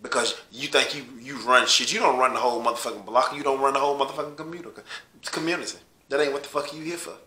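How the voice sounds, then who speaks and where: Brief: LA man ranting profanely, very bright, cutting tone, echoey room. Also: steady tone, fast talker. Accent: Los Angeles. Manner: swearing, heated, louder and higher when riled. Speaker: host of a rant show.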